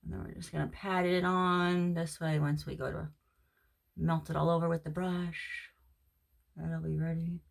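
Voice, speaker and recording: Woman, middle-aged, low voice, from Florida, casual makeup tutorial chat, sometimes whispers. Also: little pitch movement, normal speed, vocal fry. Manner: chatty, talks to a friend while doing makeup, drops to soft whispers at times. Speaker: makeup vlogger. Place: at home during quarantine.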